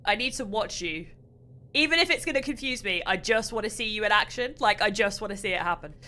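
A young British woman hosting a casual gameplay livestream, excitable, chatty and quick to mock herself. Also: medium pitch. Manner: excitable, chatty, self-mocking. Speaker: streamer host.

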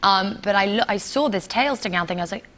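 A woman, a talk show guest telling animated stories in a television studio and laughing often. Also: mid-range voice, quick pace, a little hiss or hum. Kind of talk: casual chat.

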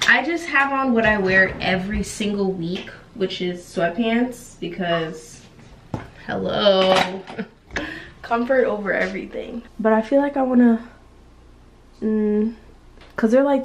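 A woman's voice: mid-range voice, takes it slowly, distant mic. A young woman talks through her week in a loose, slangy way and laughs often. She is recorded in an echoey room at home. A faint hiss sits under her voice. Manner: laid-back, laughing, slangy. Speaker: vlogger. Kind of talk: casual vlog chat.

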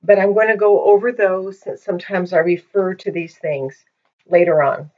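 Woman teacher, low-pitched, patient and methodical, very slow delivery; muffled lo-fi mic. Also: steady tone. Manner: patient, methodical, with frequent ums. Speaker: Hebrew teacher. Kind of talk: slow explanatory lesson. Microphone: poor-quality microphone. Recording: dull lo-fi microphone.

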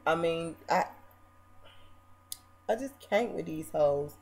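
Ranting about a reality show, this vlogger is brash, mocking and foul-mouthed, alternating loud outbursts with muttered asides. She has a low, expressive voice and takes her time.

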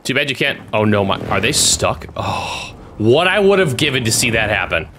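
A young man commentating on a shooter game with a bright, forward voice. His pitch jumps all over as he teases and mocks the players he is watching. A faint hiss sits under the recording. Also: normal speed. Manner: excitable, sarcastic, teasing the players he watches. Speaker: gaming YouTuber commentating. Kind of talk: spectating commentary on a battle royale game.

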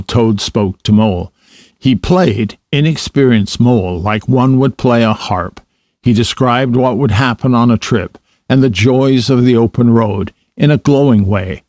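Male storybook narrator, slow and measured, dry close sound. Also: mid-range voice, a little mellow, dry recording.

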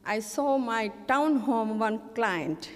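A middle-aged Indian woman with an Indian English accent speaks on a community event stage, earnestly recounting her own life story at a storytelling show and voicing the people she met. Her voice is fairly high and expressive, her pace slow, and a long reverb tail follows her words.

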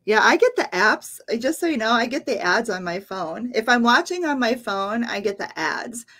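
A woman's voice: on the high side, sing-song, moderate pace, bright, forceful tone. A woman teaching English on a livestream, repeating words patiently for learners. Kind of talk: livestream lesson.

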